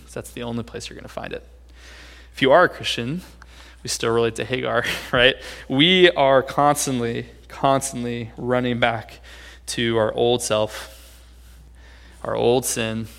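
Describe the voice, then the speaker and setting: A man's voice: mid-range voice, level tone, moderate pace, vocal fry, a bit bright, in a large hall. A man preaching a sermon in a conversational way, often checking in with his listeners by asking "right?". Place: church hall.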